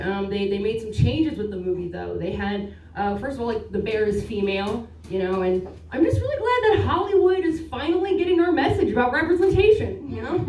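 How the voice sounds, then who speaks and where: A woman performing stand-up who chats and teases the crowd. Her voice sits high. It sounds distant and roomy, picked up from across the space. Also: darkish tone. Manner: chatty, teasing the crowd. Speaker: stand-up comedian. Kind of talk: stand-up set. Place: comedy stage at a winery. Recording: echoey room, distant mic.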